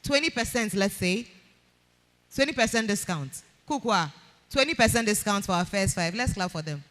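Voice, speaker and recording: In an event hall with soft music in the background, a host with a Ghanaian accent keeps calling audience members up, pressing them with energetic, repeated invitations. She speaks at a normal speed, with a medium, slightly bright voice and lively intonation.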